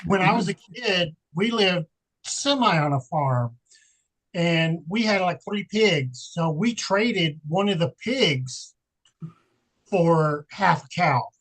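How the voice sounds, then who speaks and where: A woman's voice: on the low side, expressive, takes it slowly, rough recording. A woman chatting on a livestream, jumping in with questions and telling stories of her own. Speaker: livestream guest. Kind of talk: casual chat.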